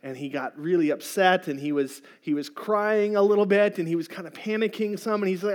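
A man's voice: high-pitched, fairly quick, few pauses. A middle-aged man preaching a sermon as a pastor, telling a personal story in an earnest, conversational way.

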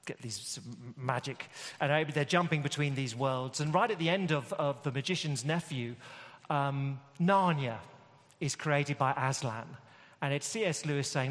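A man preaching a sermon, enthusiastic and storytelling, often pausing with fillers as he gathers thoughts. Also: mid-range voice, fairly bright tone. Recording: long hall reverb.

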